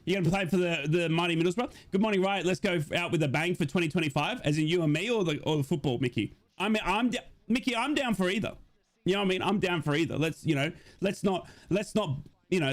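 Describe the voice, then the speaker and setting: During a football watch-along stream, the host rambles excitedly, making casual chat and reading out messages from viewers. He has a slightly high voice.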